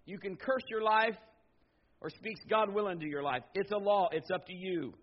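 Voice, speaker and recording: A middle-aged man preaching a sermon as pastor, swinging from loud emphatic bursts to low, quiet stretches. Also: moderate pace. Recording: slightly dull lo-fi sound.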